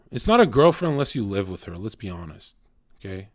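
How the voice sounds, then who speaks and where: A man's voice: lowish voice, no room sound, studio quality. A man streaming live, ranting bluntly and profanely at his chat in a confrontational way. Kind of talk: casual rant to a live chat.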